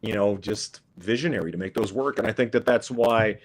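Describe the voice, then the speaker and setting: A middle-aged man talks as a podcast guest, his voice sitting fairly low. He wanders through his points in a loose, conversational way, often restarting sentences and adding asides. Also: fairly quick. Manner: rambling, frequent restarts and asides. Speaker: guest musician. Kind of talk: casual podcast chat.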